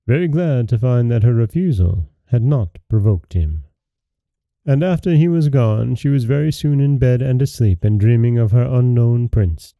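A man hosting a podcast and reading a fairy tale aloud in a calm, measured narration. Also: medium pitch, no echo, phone-quality sound. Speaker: podcast host and storyteller.

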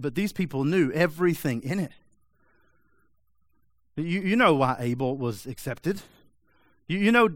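A pastor preaching a sermon presses hard with one question after another, direct and urgent. His voice is fairly high and fairly bright. The recording is dry and close, with no echo or room sound.

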